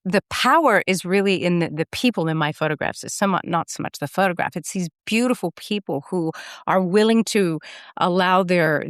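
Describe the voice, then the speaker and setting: A woman's voice: on the low side, dry recording, studio quality. A woman guest photographer answering interview questions earnestly and thoughtfully, often repeating words as she searches for them, over a video call.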